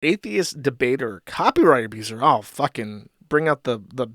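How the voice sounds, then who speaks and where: A man's voice: mid-range voice, animated, normal speed, hardly any pauses, a bit bright, dry recording, studio quality. A man hosting a live stream, reading posts and mocking them in a rambling, swearing commentary. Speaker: streamer host.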